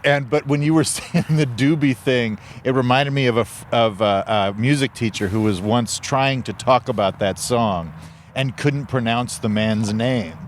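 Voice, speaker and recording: Dude co-hosting a podcast, dry jokes, stumbles a bit, faint hiss in back. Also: male voice, mid-range voice. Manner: dry, laughs often, halting. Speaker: podcast co-host. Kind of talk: casual comedic podcast banter.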